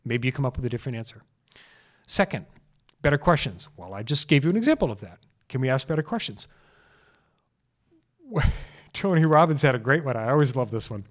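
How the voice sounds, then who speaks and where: A man's voice: medium pitch, animated, fairly quick, pauses often. A man hosting a solo health podcast, talking into a microphone in an earnest, casual way and repeating key phrases for emphasis. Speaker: chiropractor podcast host.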